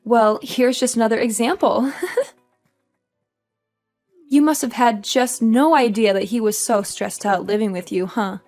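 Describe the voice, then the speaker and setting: A woman's voice: fairly high pitch, a little slow, pauses often, a little mellow, faint music behind, natural voice. A woman voicing a spoiled, entitled sister-in-law who taunts with mocking laughs, in a dramatized story. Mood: taunting. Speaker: voice actor.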